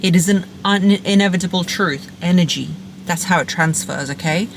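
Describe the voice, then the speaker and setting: A woman's voice: on the low side, moderate pace, a little hiss or hum. A woman speaking as a relationship coach, giving direct-to-camera advice in an emphatic, playful and blunt way, repeating punchy phrases.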